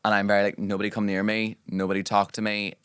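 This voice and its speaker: A man's voice: lowish voice, completely flat delivery, fast, a bit bright, smooth, no echo, studio quality. A young Northern Irish man co-hosting a podcast, talking in a chatty, theatrical way. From Northern Ireland. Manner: chatty, theatrical, quotes people in put-on voices. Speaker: podcast co-host. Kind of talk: casual chat.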